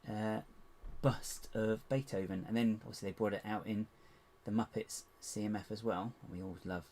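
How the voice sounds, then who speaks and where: On a casual live stream, a man with a lowish voice builds toy bricks at a moderate pace, chatting and muttering to himself and tossing in self-mocking asides. Keyboard clatter and a steady hiss sit in the background.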